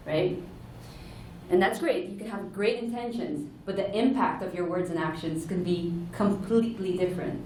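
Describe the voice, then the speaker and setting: A woman's voice: on the low side, lively intonation, normal speed, a little mellow, distant mic, a little hiss or hum. A woman giving an earnest, explanatory conference talk to a room, sometimes correcting herself mid-sentence. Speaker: conference speaker. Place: large conference hall. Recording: echoey hall, heard from afar.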